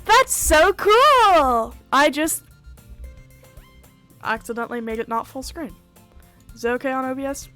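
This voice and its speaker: A woman streamer reading a visual novel live, playful and laughing often, with a hoarse throat. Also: sits high, steady tone, normal speed, pauses often, pushed and bright, soft background music.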